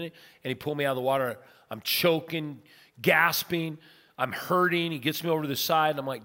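A man's voice: on the high side, a little fast. Preaching man in a reverberant hall. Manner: dramatic storytelling with big swings from loud to soft. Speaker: pastor. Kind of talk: sermon. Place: church sanctuary.

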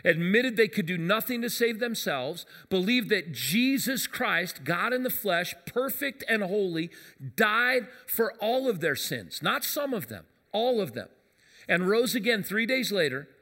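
A man preaching a sermon as pastor, telling a lively story and acting out the voices of the people in it. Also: sits high, a little slow. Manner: animated storyteller acting out quotes. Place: church sanctuary. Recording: long hall reverb.

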